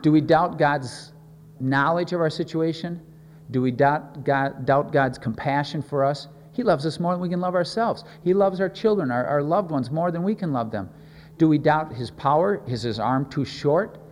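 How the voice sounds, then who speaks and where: A man's voice: on the high side, normal speed, slight background noise. Earnest preacher man in an echoing hall. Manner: earnest, repeats words while thinking, stresses key words. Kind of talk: sermon.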